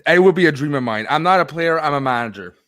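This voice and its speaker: A man's voice: on the high side, lively intonation, quick pace, a bit bright. A man from Quebec with a French Canadian accent, a native French speaker joking hesitantly on a podcast.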